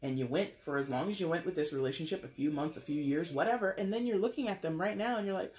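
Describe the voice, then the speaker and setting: A tarot reader with a medium-pitched voice talks fast with few pauses, giving a casual, chatty reading. She acts out imagined dialogue in lively quoted voices and keeps breaking into laughs and asides, all in a roomy-sounding space.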